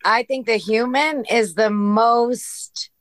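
A woman's voice: fairly high pitch, slow, no room sound, studio quality. A woman guest on a casual podcast, blunt and heated with swearing. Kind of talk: casual chat.

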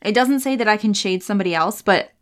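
A woman playing a tabletop game, chatting casually and thinking out loud with a wry edge. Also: mid-range voice, fast.

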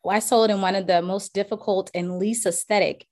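A woman's voice: mid-range voice, steady tone, moderate pace, a little mellow. A woman, a realtor guest in a casual podcast interview, telling stories animatedly, acting out quotes and laughing often.

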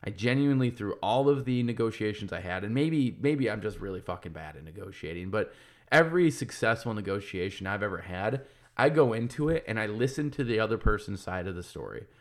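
A man's voice: fairly low pitch, lively intonation, brisk. A man in his thirties talking casually and candidly, swearing freely and restarting his sentences as he thinks aloud. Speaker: podcast host and business owner. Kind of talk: casual monologue.

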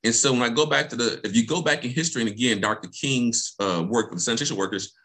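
A man giving a passionate guest talk in a medium-pitched voice. He speaks emphatically, repeating key phrases for effect. He often checks in with his listeners as he goes. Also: fast, a bit bright. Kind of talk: passionate presentation.

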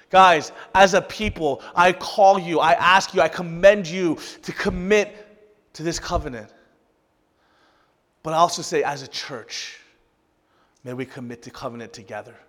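A man preaching a sermon to his congregation, earnest and emotional, his delivery swinging from loud, rising peaks to hushed, soft passages. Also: fairly high pitch, in a large hall. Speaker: pastor.

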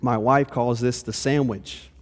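A man's voice: medium pitch, steady tone, measured pace. A pastor giving a conversational sermon to his congregation, often checking in with "okay?". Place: church hall. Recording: long reverb of a hall.

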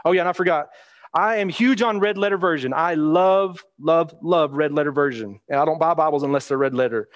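A man's voice: fairly high pitch, a little fast, highs cut off. A man preaching a Bible lesson in a plain, conversational way, reading scripture aloud and explaining it. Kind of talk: Bible teaching sermon.

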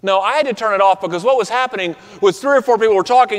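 A man preaching a sermon in an earnest tone, often dropping to a soft, quiet close on key words. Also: high voice, sing-song, brisk. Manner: earnest, drops to soft quiet endings for emphasis. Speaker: pastor. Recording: reverberant hall.

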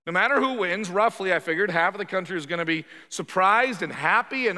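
A man's voice: high voice, animated, a little fast, hardly any pauses, sharp tone, long reverb tail. A man preaching a sermon in a church, talking conversationally and emphatically and asking his listeners rhetorical questions. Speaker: pastor. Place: church sanctuary.

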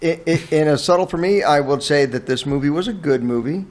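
A man hosting a podcast, animated and joking, often cutting in. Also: a little high. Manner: animated, joking, quick to interrupt. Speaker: podcast host. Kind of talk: casual chat.

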